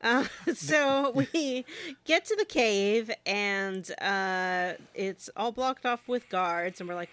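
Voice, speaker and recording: A woman's voice: medium pitch, slow pace, a bit bright, clear, resonant tone, no room sound. A woman co-hosting a podcast, recapping a video game story in a playful way with plenty of hesitant fillers. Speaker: podcast co-host.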